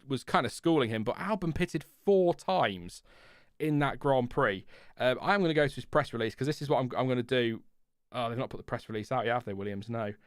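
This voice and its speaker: A man's voice: medium pitch, no echo, clean studio sound. A man hosting a casual live race reaction stream, rambling with fillers and reading out chat messages. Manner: chatty, rambling, lots of fillers and restarts, reads chat aloud. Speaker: F1 livestream host.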